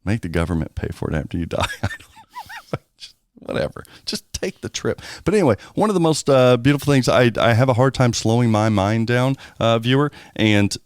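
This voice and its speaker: A man's voice: mid-range voice, lively intonation, fairly quick, smooth, no echo, studio quality. A man co-hosting a podcast in casual chat, candid, rambling and joking. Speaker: podcast co-host.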